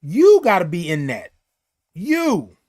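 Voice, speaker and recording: A man's voice: high-pitched, wildly swooping pitch, slow pace, a little mellow. A middle-aged man hosting a morning live show, giving an emphatic, preachy pep talk that repeats key phrases and reads viewer comments.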